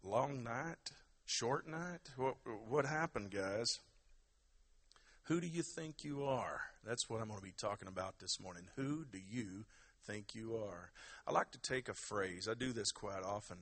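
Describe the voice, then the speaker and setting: A man's voice: fairly low pitch, normal speed, fairly bright tone. A man preaching a sermon in a conversational, emphatic way and urging the congregation to give praise. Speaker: pastor.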